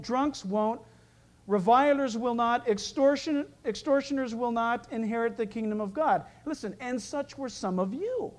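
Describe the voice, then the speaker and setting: A middle-aged male pastor preaching a sermon, joking and acting out little voices as he goes. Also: very high voice. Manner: lively, joking preacher who acts out voices.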